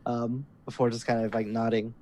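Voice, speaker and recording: A man's voice: medium pitch, flat delivery, fairly quick, darkish tone. A man playing a tabletop role-playing game, narrating his character hesitantly with many fillers. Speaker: player.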